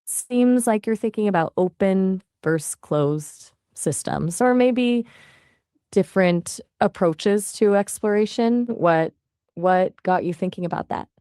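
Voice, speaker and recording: A woman's voice: medium pitch, unhurried, dark tone, clean tone, dry recording, clean studio sound. A woman's voice acting as an AI voice assistant in casual chat, chatty and polite, often asking follow-up questions.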